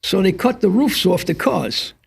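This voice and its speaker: A man's voice: sits high, animated, normal speed, creaky, husky. An older man, a retired police instructor, talking thoughtfully on a studio panel and drawing lessons from stories. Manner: reflective, drawing lessons from anecdotes. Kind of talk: panel discussion on community TV.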